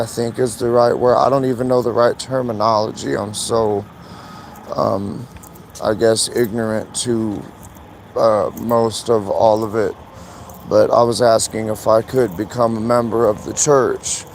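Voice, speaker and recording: A man live streaming from his phone outdoors, rambling and halting, full of fillers and swearing. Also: fairly low pitch, level tone, gravelly, a little hiss or hum, poor audio. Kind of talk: emotional casual live stream monologue.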